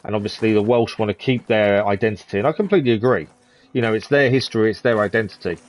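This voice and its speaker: A man's voice: lowish voice, fast. Chatty man streaming a game. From East of England. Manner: chatty, relaxed, thinks aloud with ums. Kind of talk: casual gameplay commentary.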